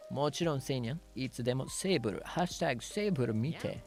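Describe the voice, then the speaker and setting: Giggly, lively-voiced male streamer. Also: medium pitch, racing, creaky, soft background music. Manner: playful and giggly, mixing English and Japanese, cat-like "nyan" sign-offs. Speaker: streamer host. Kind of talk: casual chat reading viewer messages.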